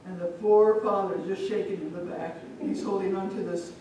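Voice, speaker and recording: A middle-aged woman from Omaha telling a folk tale live to an audience, lively and chatty, with asides to the crowd. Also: lowish voice, fairly quick, slight background noise. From Omaha, Nebraska. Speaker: storyteller. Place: large event hall. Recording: echoey hall from far off.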